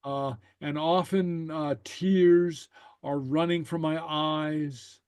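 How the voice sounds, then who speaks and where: A man's voice: fairly high pitch, fairly even intonation, slow, a little mellow, clear, resonant tone, no room sound. A man teaching a language class, patiently saying phrases and translating them line by line. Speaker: Gaelic teacher.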